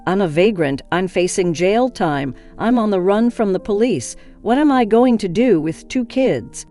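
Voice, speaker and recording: A woman's voice: mid-range voice, expressive, moderate pace, dark tone, close to an everyday voice. Woman reading as a desperate young vagrant mother. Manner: blunt, self-pitying. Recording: faint music behind.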